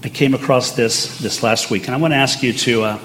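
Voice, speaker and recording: A man's voice: mid-range voice, fairly quick, a bit bright, a little hiss or hum. An older man preaching a sermon, telling stories in a conversational way with side remarks. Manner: conversational and anecdotal, with asides. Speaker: pastor.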